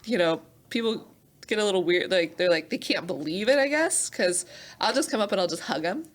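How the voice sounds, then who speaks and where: A young woman, a champion athlete, telling stories in a casual interview, animated and acting out quoted voices with laughter. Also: mid-range voice, fairly quick. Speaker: Olympic hammer thrower, podcast guest.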